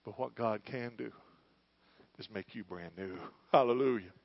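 A middle-aged male pastor preaching a sermon in church, moving between quiet, hushed lines and loud, fervent calls. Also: medium pitch, normal speed, gravelly, no room sound, muffled recording. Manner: preaching, swings from hushed to shouting.

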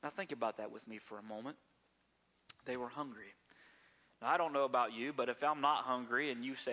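A man's voice: medium pitch, fairly quick, long pauses, bright, forceful tone. A man preaching a sermon as a pastor, talking conversationally and often asking the congregation rhetorical questions.

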